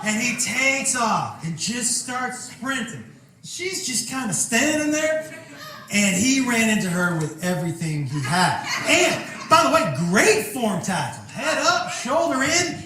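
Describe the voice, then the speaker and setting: A man performing a stand-up comedy set on stage, telling a loud, animated story and shouting punchlines. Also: very high-pitched. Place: stage before a live audience. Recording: echoey venue recording from a distance, noisy.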